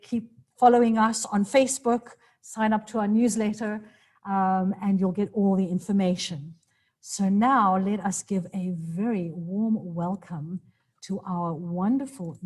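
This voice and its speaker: A woman's voice: mid-range voice, takes it slowly, darkish tone, poor audio. A woman hosting a live online show over a video call, upbeat and laughing often as she introduces a guest. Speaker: host.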